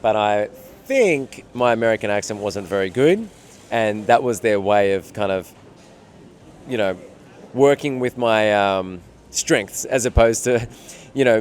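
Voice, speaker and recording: A man's voice: mid-range voice, expressive, unhurried, a little mellow. A man with an Australian accent, an actor answering interview questions in a reflective way, thinking aloud with fillers.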